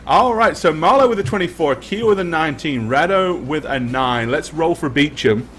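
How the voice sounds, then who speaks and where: A young man runs the table as game master, his voice sitting a touch higher than most men's. He lingers over vivid descriptions, slowing down and filling pauses with ums as he sets the scene. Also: lively intonation, fairly bright tone.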